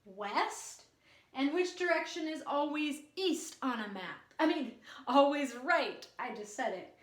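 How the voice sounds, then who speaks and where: Slow sing-song woman teaching kids. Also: high-pitched, animated, echoey room. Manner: slow, sing-song call-and-response with children. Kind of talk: children's social studies lesson.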